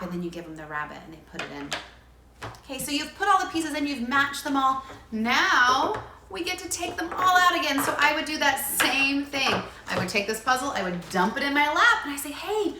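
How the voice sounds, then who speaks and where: A woman speech-language pathologist explaining to parents how to use puzzles in play, breaking into animated sing-song animal sounds as she models them. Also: high voice, reverberant, noisy background. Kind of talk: demonstrating play strategies to parents.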